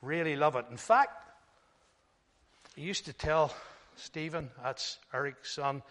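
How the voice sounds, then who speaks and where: High-voiced preacher man in a reverberant hall. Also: takes it slowly. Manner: emphatic preaching, swings from loud to hushed. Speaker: pastor. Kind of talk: sermon. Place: church hall.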